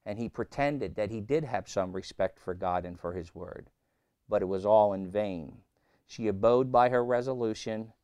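A man preaching a sermon as pastor, swinging between loud emphasis and quiet asides. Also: lowish voice, clear, resonant tone, no echo.

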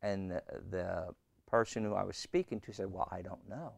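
A man preaching a sermon as pastor, swinging between loud emphasis and quiet asides. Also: sits low, fairly even intonation, normal speed, gravelly, no echo.

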